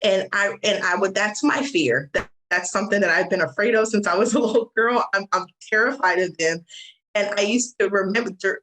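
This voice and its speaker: An American woman appears as a podcast guest and advocate, candidly and earnestly recounting her own experience in an interview. Her mid-range voice has a fairly bright tone, but the recording quality is low.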